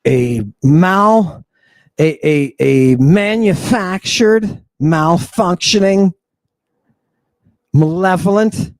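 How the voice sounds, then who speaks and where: A man's voice: high-pitched, drawn-out words, no room sound. A man hosting an impassioned lecture, fiery and provocative, firing rhetorical questions at his listeners. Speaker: host and lecturer. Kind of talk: impassioned lecture on ancient texts.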